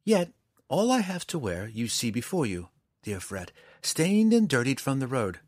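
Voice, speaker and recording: A man's voice: medium pitch, big pitch swings, unhurried, darkish tone, no room sound, clean studio sound, pitched above the performer's own voice. A man voicing a strong woman ranger who speaks in a mock-sweet, teasing way.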